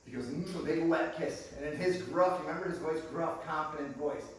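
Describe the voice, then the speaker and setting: A male pastor, recorded from a distance in an echoey church hall, delivers a storytelling sermon in a slightly high, fairly quick voice. He's a lively, humorous storyteller who tells funny stories and calls the congregation his friends.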